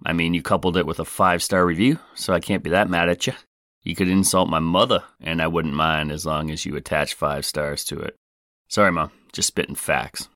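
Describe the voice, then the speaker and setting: A man's voice: low voice, steady tone, a bit bright, no echo, studio quality. A man hosting a comedy podcast, joking and playful as he tells stories. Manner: jokey, playful, quick swings in delivery. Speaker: podcast host.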